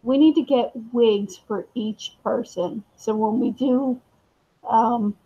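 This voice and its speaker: Woman, slow unhurried speech, higher pitch, laid-back, casual live-stream chat, dull audio. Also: slightly rough. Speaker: podcast co-host. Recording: muffled lo-fi audio.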